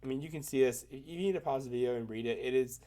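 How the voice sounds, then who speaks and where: A man talking at an ordinary middle pitch, his nose stuffed up from a cold. He rambles through numbers on screen in a loose, enthusiastic way, stumbling and restarting as he goes. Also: fast, mellow. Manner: rambling, self-correcting, enthusiastic. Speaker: hockey commentator. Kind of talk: casual screen-share commentary.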